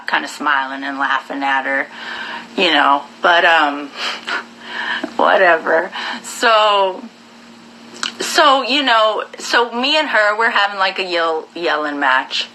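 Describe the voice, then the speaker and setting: A woman live-streaming, telling her viewers a story in a blunt, profane, animated way. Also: mid-range voice, a little hiss or hum, low-quality recording.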